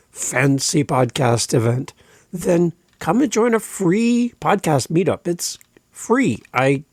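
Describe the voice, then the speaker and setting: A man's voice: medium pitch, darkish tone, no echo, studio quality. A man hosting his own podcast, talking casually and earnestly, encouraging listeners and often repeating himself. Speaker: podcast host. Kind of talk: casual solo podcast talk.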